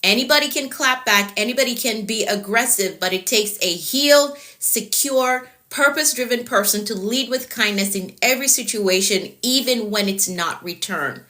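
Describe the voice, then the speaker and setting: Bright, earnest woman coach. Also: fairly high pitch, normal speed, few pauses. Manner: earnest, emphatic, with rhetorical questions. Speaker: productivity coach. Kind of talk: motivational talk.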